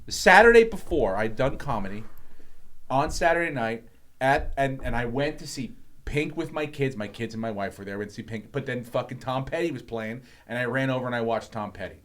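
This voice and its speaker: A man's voice: medium pitch, brisk. A man, telling stories as a comedian guest on a casual podcast, swearing and acting out quotes. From Long Island, New York. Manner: animated, swearing, acts out quotes with laughter.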